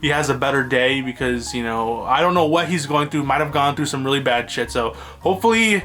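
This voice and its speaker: A man's voice: mid-range voice, expressive, brisk, a bit bright, faint music behind. A man vlogging, rambling through a casual story to his phone camera and chuckling along the way. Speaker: video blogger. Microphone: phone held by himself.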